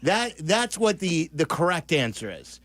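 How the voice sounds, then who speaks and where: A man's voice: a little high, big pitch swings, unhurried, a bit bright, no room sound. Male sports radio host, inquisitive and chatty, dry studio sound. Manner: chatty, asks lots of questions. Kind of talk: sports talk radio chat.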